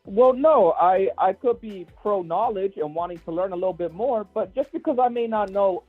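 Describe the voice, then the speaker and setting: A Dominican man calling in, defensive and stammering, exasperated with the host, husky voice over a tinny phone line. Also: high voice, moderate pace, soft background music. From Dominican Republic. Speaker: caller. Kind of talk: defensive call-in argument.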